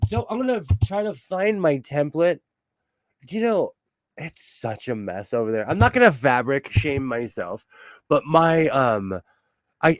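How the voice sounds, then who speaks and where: Socal guy with a southern california twang, laughy and chatty, talks slow, at home in his sewing room. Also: medium pitch, no room sound. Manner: chatty, laughs often, talks back to chat. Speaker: livestream host. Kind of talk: casual livestream chat.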